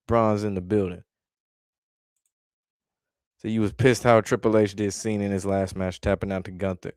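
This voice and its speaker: A man's voice: on the low side, no echo, clean studio sound. A man ranting bluntly in a casual vlog, exasperated and swearing freely as he reacts to his chat. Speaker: wrestling commentary vlogger.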